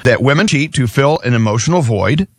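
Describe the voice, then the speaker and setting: A man's voice: medium pitch, a little fast, breathy edge, no room sound, clean studio sound. A man hosting a morning radio show, joking with co-hosts and reading segments. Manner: lively, joking, reads ads.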